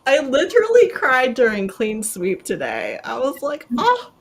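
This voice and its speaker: A woman's voice: sits high, unhurried. A woman hosting a casual live video chat who tells stories with lots of laughter and acts out what people said. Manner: animated storyteller, acting out quotes, laughing often. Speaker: host. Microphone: video call.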